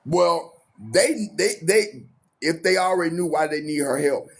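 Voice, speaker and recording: A man telling a personal story in a casual, animated way, acting out the quoted lines. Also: fairly high pitch, unhurried, vocal fry. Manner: animated, acts out every quote in his story.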